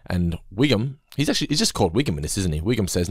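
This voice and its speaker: A man co-hosting a casual review podcast, his voice on the low side. He recaps scenes in a relaxed way and mimics quoted lines, recorded on a close mic in a dry room. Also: rapid-fire, dry recording. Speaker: podcast co-host. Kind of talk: casual episode review chat.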